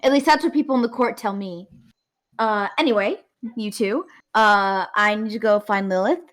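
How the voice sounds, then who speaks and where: A woman's voice: mid-range voice, normal speed, natural voice. A woman playing a caring young noblewoman from court who fusses over her friends. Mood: fond. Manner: excitable, fussing.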